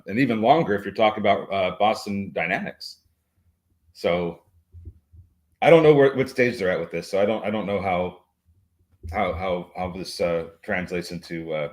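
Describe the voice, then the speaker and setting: A man co-hosting a stock market show, giving his views in a halting way with many fillers and dry joking asides. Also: deep voice. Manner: halting, many fillers and restarts while thinking aloud. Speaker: co-host and market commentator. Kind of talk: casual market chat.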